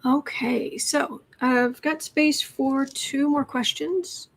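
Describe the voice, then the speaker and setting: A woman's voice: sits high, steady tone, slow. A woman tarot reader chatting on a live stream, reading viewer questions aloud and cooing to her cat between them.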